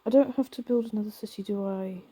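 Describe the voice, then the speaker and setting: A woman in her thirties with vocal fry, tired from lack of sleep, chatting casually and rambling with lots of fillers while playing a video game. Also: medium pitch, fast talker, warm tone. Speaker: game streamer. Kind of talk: casual let's-play commentary.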